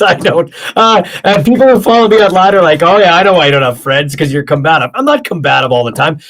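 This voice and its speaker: Man, middle-aged, sports talk host, tired, opinionated, rambling, fairly high-pitched. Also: a bit bright. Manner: opinionated, rambling with many fillers and restarts. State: tired, yawning. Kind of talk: casual solo sports talk.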